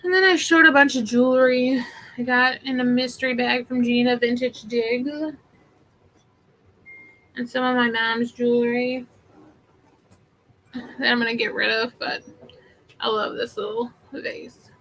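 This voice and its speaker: A woman's voice: on the high side, steady tone, a little slow, long pauses, a bit bright, slight background noise, low-quality recording. A woman chatting casually through a live thrift haul, rambling with many fillers. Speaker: vintage seller vlogger.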